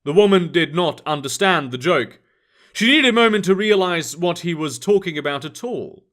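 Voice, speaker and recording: Lively male storyteller. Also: fairly high pitch, moderate pace. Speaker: story narrator. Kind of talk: scripted narration.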